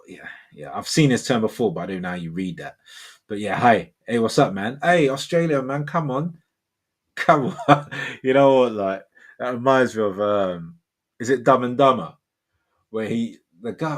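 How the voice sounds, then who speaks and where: With a sing-song, mid-range voice at a normal pace, a forties-aged livestream host reads through viewer comments and chats in a loose, easygoing ramble. He frequently says "man" and "bro."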